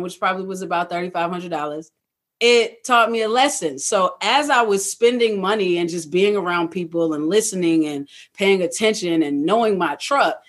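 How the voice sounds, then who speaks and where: A guest in a casual interview, telling stories in an animated way, acting out past thoughts and leaning on fillers like "you know what I mean". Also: mid-range voice. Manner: animated, acts out own past thoughts in quotes. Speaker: guest, truck owner-operator.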